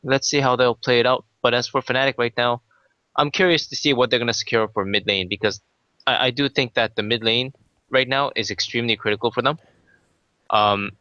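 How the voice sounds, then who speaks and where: A chatty, playful man gives analysis as co-caster on a live esports broadcast. His voice is bright and sharp, and he talks at length. The mic sounds a little dull and lo-fi, dry with no room echo. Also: fairly low pitch. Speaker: esports color commentator.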